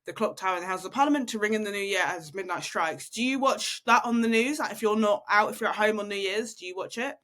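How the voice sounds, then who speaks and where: A young woman co-hosting a casual podcast. She tells candid, animated stories and reads from her notes in between. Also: mid-range voice, quick pace, hardly any pauses. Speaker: podcast co-host. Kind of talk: casual chat.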